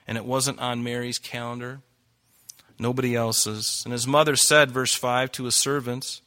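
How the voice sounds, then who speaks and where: A man's voice: mid-range voice, little pitch movement, normal speed, sharp tone. A man preaching a sermon, reading scripture aloud and pressing his listeners with emphatic rhetorical questions. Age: adult. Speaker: pastor.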